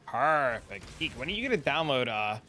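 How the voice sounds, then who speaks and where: A man's voice: mid-range voice, normal speed, a little hiss or hum. Chatty, profane male game streamer. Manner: chatty, profane, animated storyteller. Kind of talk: casual chat.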